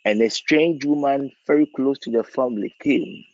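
A man leading a prophetic prayer session as pastor, pleading fervently and repeating phrases, rising to near shouts. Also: mid-range voice, moderate pace, no room sound, lo-fi sound.

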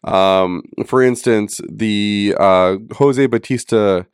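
A man's voice: lowish voice, slow, smooth, no room sound, clean studio sound. A middle-aged man from Canada hosting a podcast, chatting casually, teasing and laughing often. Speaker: podcast host. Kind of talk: casual chat.

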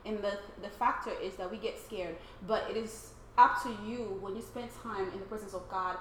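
A woman sharing a personal faith testimony with a small group in a casual, excitable way, often laughing and acting out her own thoughts. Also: medium pitch, moderate pace. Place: room with other people, casual group. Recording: roomy, faint background noise.

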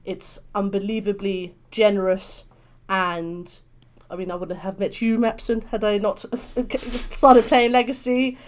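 A young woman from London with a British accent, a guest chatting in an interview, bubbly and expressive. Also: medium pitch, a little slow, slight background noise. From London, England. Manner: bubbly, expressive, swings into animated voices. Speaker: podcast guest. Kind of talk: casual interview chat.

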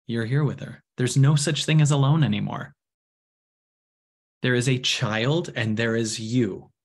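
Middle-aged guy, spiritual teacher type, talks soft and slow with lots of pauses. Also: mid-range voice. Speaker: spiritual teacher answering a viewer question. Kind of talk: guided reflection talk.

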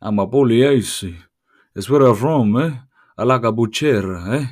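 A man's voice: medium pitch, measured pace, darkish tone, natural voice. A man putting on a boastful Italian accent, tagging his lines with "eh". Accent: put-on Italian. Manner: swaggering, tags lines with "eh".

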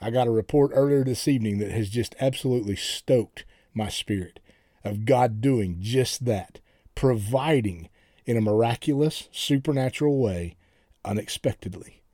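A middle-aged man preaching a sermon in an earnest way, often repeating words and rising in pitch when he declares something. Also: normal speed, mellow, dry recording, clean studio sound. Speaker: pastor.

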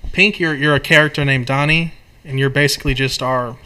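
A man's voice: medium pitch, fairly even intonation, fairly quick, pushed and bright, clear, resonant tone. A man hosting a casual podcast chat, eagerly organizing and explaining things to his friends.

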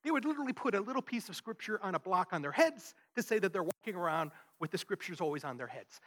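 Pastor guy preaching, voice jumps all over, pretty high pitched. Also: lively intonation, a little fast, fairly bright tone. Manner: emphatic, rhetorical questions, frequent "right?". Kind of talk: sermon.

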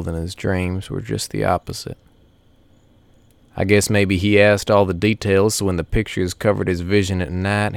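A man narrating a first-person story in a folksy, unhurried way. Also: sits low, vocal fry, smooth, no room sound.

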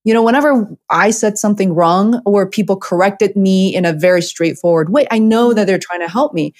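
A woman who learned English as a second language hosting an interview, speaking haltingly with restarts. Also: medium pitch, darkish tone. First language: not English. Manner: halting, many fillers and restarts. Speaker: interview host, documentary filmmaker. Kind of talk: interview host chat.

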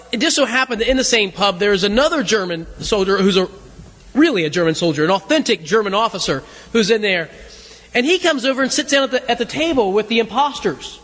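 A man's voice: high voice, a bit bright. A man giving a sermon as a loose, conversational story, often stumbling over and repeating his words. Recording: long reverb of a large hall.

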